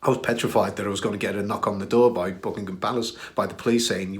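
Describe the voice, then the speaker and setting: A man's voice: lowish voice, fairly even intonation, quick pace. Middle-aged British man telling workplace stories. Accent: British English. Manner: chatty, self-deprecating, with filler "uh"s and restarts. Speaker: podcast host recounting his career. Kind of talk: casual storytelling.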